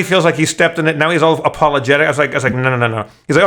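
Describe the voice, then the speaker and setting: A man's voice: on the high side, steady tone, racing, hardly any pauses, sharp tone. Profane, rambling male podcast host. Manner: rambling, stammering restarts, profane. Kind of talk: casual storytelling chat.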